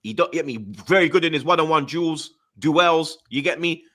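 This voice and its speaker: This young man hosts a heated football chat in a London multicultural accent, and his voice sits on the high side with a slightly bright tone at a moderate pace. He has Jamaican heritage and is from London. He rants with heavy slang and stutters when he gets angry.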